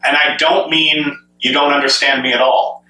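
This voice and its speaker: Male gaming commentator, eager and questioning, piercing bright tone, recorded far from the mic. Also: a little high, flat delivery, moderate pace. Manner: enthusiastic, asks many rhetorical questions. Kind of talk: speculative solo commentary. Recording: echoey room, mic at a distance.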